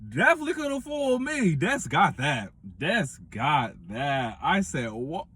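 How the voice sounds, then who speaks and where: Animated man reviewing reality TV. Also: fairly high pitch, measured pace, slightly rough. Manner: animated, dramatic retelling with acted-out quotes. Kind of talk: casual video commentary.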